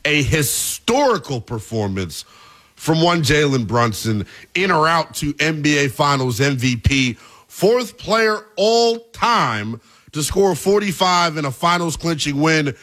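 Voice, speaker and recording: A man in his twenties hosting a sports talk show, delivering emphatic, hyped commentary that rises into shouts at its peaks. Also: a little high, very animated, takes it slowly. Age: 20s.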